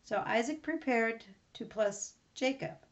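A woman reading a scripture passage aloud at a steady pace, then explaining it in plain words with some fillers. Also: a little high, measured pace. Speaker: Bible study teacher. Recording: dull lo-fi recording.

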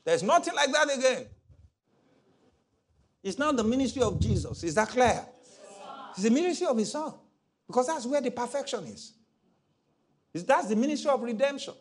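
A middle-aged man preaching a sermon as pastor, animated, acting out voices from his stories. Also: very high-pitched, a little fast, pauses often. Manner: animated, mimics voices in stories, laughs often.

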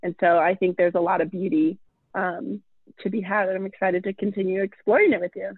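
A woman's voice: mid-range voice, steady tone, fairly quick, no room sound. A woman co-hosting a casual astrology chat, talking loosely with many fillers. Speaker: podcast co-host. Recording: tinny phone-like line.

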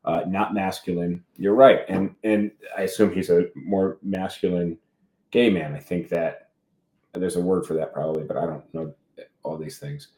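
A man co-hosting a podcast, musing in a low voice as he stops and restarts his thoughts. His words ring in a roomy, echoing space. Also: steady tone, moderate pace, darkish tone. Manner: hesitant, many restarts and fillers. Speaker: podcast co-host. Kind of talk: casual podcast chat. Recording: roomy echo.

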